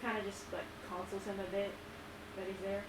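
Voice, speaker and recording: A woman playing in a tabletop game, telling what her character does in a giggly, animated way. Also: medium pitch, fairly quick. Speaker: player. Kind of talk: tabletop role-play chat. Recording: distant echoey mic with noise.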